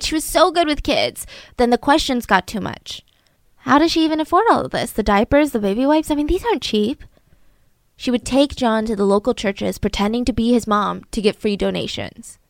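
A woman's voice: sits high, no room sound, clean studio sound. A young woman hosting a podcast, casually telling a true-crime story and acting out the people in it. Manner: animated, acts out the people in the story. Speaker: podcast host.

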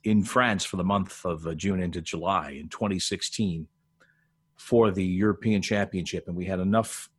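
A man's voice: low-pitched, steady tone, moderate pace, slightly rough. An older man, a veteran broadcaster, telling stories as a podcast guest in a rambling, restarting way. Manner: digressive storyteller with frequent restarts and laughs. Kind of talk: casual podcast conversation, storytelling.

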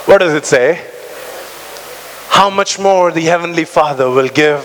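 Fervent high-voiced preacher in a reverberant hall. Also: male voice, a bit bright. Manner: fervent preaching, stretching words and calling out to the congregation; repeats words and restarts often. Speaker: pastor. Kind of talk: sermon.

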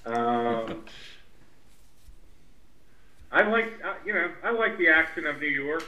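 A man's voice: on the high side, sing-song, slow, pushed and bright, echoey room, a little hiss or hum, rough recording. A man joining a podcast as a guest, chatting casually and hesitantly with many fillers. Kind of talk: casual chat.

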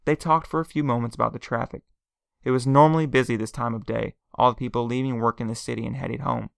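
A man reads a first-person story aloud in a calm, even way. His voice has a gravelly, fry-tinged texture at a middle pitch. The recording is dry and close to the mic. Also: fast, dry recording. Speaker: narrator.

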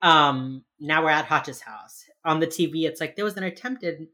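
Low-voiced woman recapping a TV episode. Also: moderate pace, sharp tone. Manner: rambling recap with lots of "like", acts out characters. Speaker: podcast co-host. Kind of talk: casual chat, recapping an episode.

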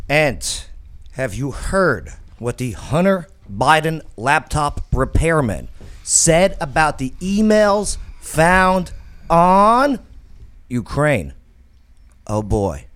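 A man hosting a casual talk show, jokey and rambling, often restarting his sentences. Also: fairly high pitch.

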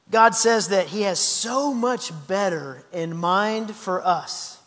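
High-voiced pastor preaching in a hall. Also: male voice, unhurried, hardly any pauses. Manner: lively, anecdotal, frequent restarts. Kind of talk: sermon.

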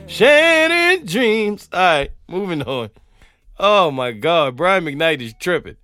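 A Southern US man hosts a podcast in a casual comic monologue, telling animated stories, riffing, and now and then singing snippets of songs. His voice is fairly high and a little slow. The sound is clean studio quality with no room sound and soft music in the background.

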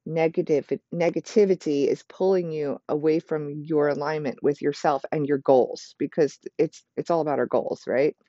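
A yoga teacher giving a motivational self-help talk in flowing, repetitive, encouraging phrases, and quick to admit to talking fast. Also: mid-range voice, warm tone, no echo. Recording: dull, lo-fi dry recording.

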